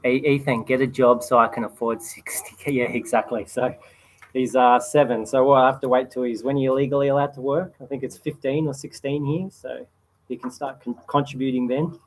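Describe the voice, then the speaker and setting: An Australian man in his thirties hosting a relaxed livestream Q&A, chatting casually and reading out viewer comments. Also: medium pitch, a little fast, a little hiss or hum, low-quality recording. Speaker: host answering viewer questions. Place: outdoors by a campfire at night.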